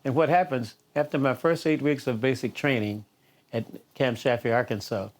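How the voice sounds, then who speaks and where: In a storytelling interview, an older singer from the Detroit area shares anecdotes punctuated by frequent chuckles. He talks at a moderate pace in a steady, medium-pitched voice.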